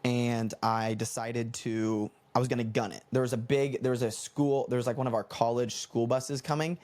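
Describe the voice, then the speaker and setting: A young man from the United States hosting a comedy podcast, telling a rambling, animated story and correcting himself as he goes. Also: mid-range voice, moderate pace. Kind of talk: casual storytelling monologue.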